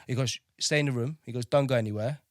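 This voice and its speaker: Male navy veteran, thirties, mid-pitched, candid and profane, dry close recording. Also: quick pace, no echo. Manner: blunt, swears freely, keeps asking "do you know what I mean". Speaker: podcast guest, navy veteran.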